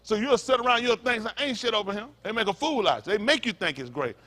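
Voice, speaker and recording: A man's voice: high voice, sing-song, quick pace, sharp tone. A male pastor preaching a fiery, blunt sermon, full of profanity and call-and-response asides.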